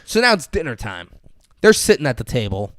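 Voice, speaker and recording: A man's voice: mid-range voice, fairly quick, dry recording. A man telling a story with a voice that swings widely up and down, swearing freely as he recaps an episode. Close, dry sound with no room around it. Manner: animated, profane storytelling. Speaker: podcast host.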